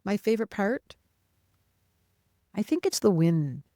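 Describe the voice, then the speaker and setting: An animated woman astrologer, chatting as an interview guest. She talks in emphatic, quick bursts at a middle pitch. The sound is dry and close. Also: dry recording. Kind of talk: casual interview chat.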